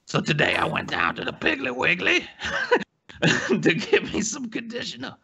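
Man doing a goofy bearded rambler, high, swooping wildly, dull lo-fi sound. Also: wildly swooping pitch, moderate pace, vocal fry, bright, forceful tone, slightly rough, heavily acted. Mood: rambling, goofy. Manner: rambling, chuckling through the tale.

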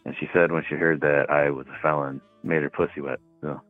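A man, his voice very deep and thin like a tinny phone line. He tells stories in an easygoing way, padded with fillers. The sound is dry and close. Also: flat delivery, fairly quick, no room sound, soft background music. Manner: laid-back storytelling with filler words. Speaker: caller. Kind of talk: casual phone call.

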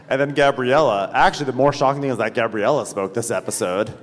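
A man's voice: mid-range voice, fairly quick, a little hiss or hum. A man co-hosting a live podcast, recapping an episode with dry, wry quips. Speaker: podcast co-host. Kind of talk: comedic recap chat. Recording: live venue with hall reverb.

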